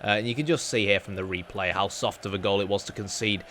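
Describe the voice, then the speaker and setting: A man's voice: on the low side, fast talker, sharp tone, a little hiss or hum. A young man chatting casually through his football game, rambling and self-deprecating with plenty of fillers. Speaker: gaming YouTuber. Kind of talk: casual gameplay commentary.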